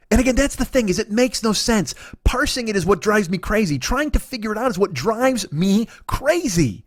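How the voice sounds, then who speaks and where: A comedian in his forties with a notably high, raised voice, ranting through a story with exasperated swearing. He builds his complaints with fast restarts and mock dialogue. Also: lively intonation. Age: 40s. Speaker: comedian, podcast host.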